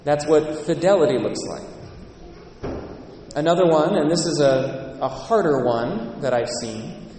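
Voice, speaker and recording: A priest delivers an earnest, conversational sermon, and his slightly high voice rings out in a large church. His voice is picked up from a distance, so it carries a long, echoing reverb, with faint ambient noise behind it. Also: slow pace, mellow. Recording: echoey church, distant mic.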